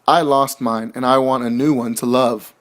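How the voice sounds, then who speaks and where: A man's voice: mid-range voice, fairly even intonation, normal speed, lightly acted. A man voicing a lonely, timid little male bee who pleads to join a new family in a storybook. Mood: pleading.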